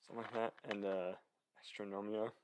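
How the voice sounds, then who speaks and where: A man's voice: lowish voice, fairly even intonation, normal speed, slight background noise. A young man chatting casually to camera, rambling with many fillers and slightly out of breath. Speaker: vlogger. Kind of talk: casual chat.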